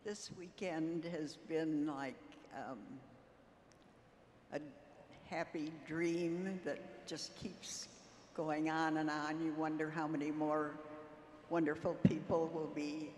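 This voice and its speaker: A woman guest on a convention stage, speaking slowly and haltingly with heartfelt thanks. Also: low-pitched, steady tone, a little mellow, a little hiss or hum. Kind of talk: onstage interview answer. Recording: echoey hall, faint ambience.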